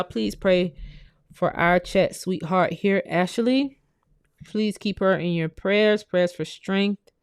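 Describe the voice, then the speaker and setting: An American woman with a fairly low voice hosts a casual livestream, captured in a dry, studio-quality recording. She reads viewer comments aloud and answers bluntly and animatedly, swearing freely and calling her viewers "y'all."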